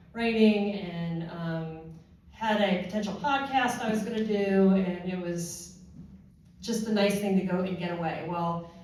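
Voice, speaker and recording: A woman, a former first responder, shares her own story at a panel in a halting way, with many fillers and restarts. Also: lowish voice, a little mellow. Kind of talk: personal testimony at a panel. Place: large echoey room at a panel event. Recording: very echoey hall from far off.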